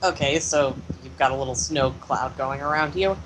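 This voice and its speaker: A woman narrating as game master of a tabletop role-playing session, relaxed and unhurried. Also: very deep voice, background noise.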